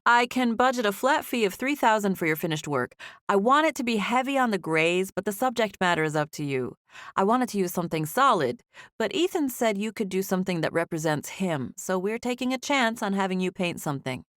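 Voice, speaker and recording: A woman voicing a businesslike female magazine coordinator in an audiobook, speaking crisply and matter-of-factly. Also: medium pitch, lively intonation, brisk, a bit bright, no room sound, studio quality, lightly acted.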